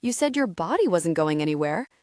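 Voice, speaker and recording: A woman's voice: fairly low pitch, sing-song, brisk, darkish tone, dry recording, clean studio sound. A woman reading an audiobook voices an anxious, earnest young boy who keeps asking worried, literal-minded questions. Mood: worried questioning.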